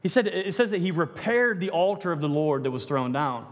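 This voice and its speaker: Male pastor, high voice, loose and joking, stammers and restarts, sermon in a reverberant hall. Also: big pitch swings, brisk. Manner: reads scripture aloud, then riffs with jokes and self-deprecating asides.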